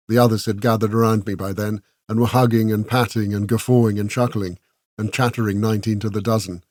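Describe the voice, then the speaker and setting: A man narrating an audiobook in a measured, scripted reading voice. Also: fairly low pitch, fairly even intonation, a little mellow, no room sound, studio quality.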